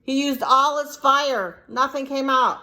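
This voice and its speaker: A woman with a fairly high voice reads a storybook to young children with animated expression. She pauses often to ask her listeners questions about the story. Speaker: early childhood teacher. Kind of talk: picture-book read-aloud for children.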